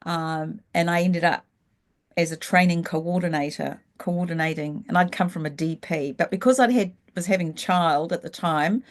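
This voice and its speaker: A middle-aged woman, telling her story frankly and reflectively as an interview guest. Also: lowish voice. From New Zealand. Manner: frank and reflective, slows down when thinking back. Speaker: guest, leadership coach. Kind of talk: candid storytelling in a casual interview.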